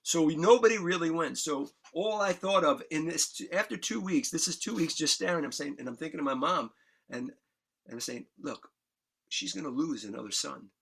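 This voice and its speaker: A man's voice: fairly high pitch, expressive, brisk, gravelly, fairly bright tone. Emotional New man telling his story. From New York. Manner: earnest, candid, swears freely, emotion audible in voice. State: choked up. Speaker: guest musician.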